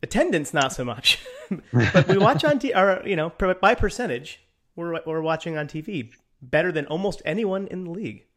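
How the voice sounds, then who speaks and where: A man's voice: a little high, expressive, moderate pace, a bit bright. A man co-hosting a podcast, chatting casually with many hesitations and easy laughs. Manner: hesitant, lots of ums, laughs easily. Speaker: podcast co-host. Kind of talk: casual chat.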